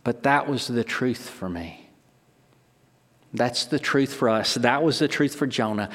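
A man's voice: medium pitch, unhurried, a bit bright, long reverb tail. A middle-aged man, a pastor, delivering a sermon emphatically, with rhetorical questions and restarts.

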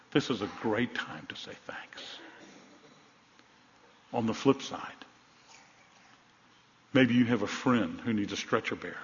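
Man preaching in a reverberant hall. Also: mid-range voice. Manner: animated storytelling, rising to emphatic then dropping soft. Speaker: pastor. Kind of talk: sermon. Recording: dull sound in a large reverberant hall.

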